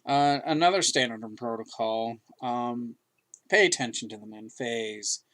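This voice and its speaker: A man's voice: mid-range voice, measured pace, fairly bright tone. A man co-hosting a podcast, talking in an emphatic, rambling way with many restarts. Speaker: podcast co-host. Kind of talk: casual chat.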